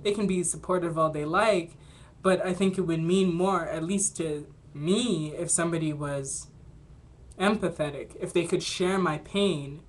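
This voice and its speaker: A woman's voice: fairly low pitch, measured pace. A young adult woman in a casual vlog monologue, talking earnestly and thinking aloud with lots of "like" fillers. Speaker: vlogger.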